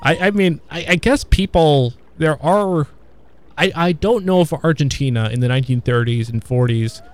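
A man in casual conversation about old films, talking in a halting, rambling way with many fillers and restarts. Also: on the high side. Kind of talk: casual film discussion.

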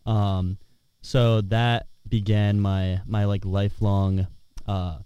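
Low-voiced young man, wry and low-key. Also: flat delivery, slow pace, warm tone, clean tone, dry recording, lo-fi sound. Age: 20s. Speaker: student radio co-host. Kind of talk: casual chat.

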